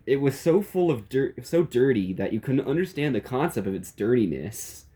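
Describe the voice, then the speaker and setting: A man's voice: mid-range voice, big pitch swings, normal speed, mellow. A man narrating a silly comedic story in a playful, chuckling way.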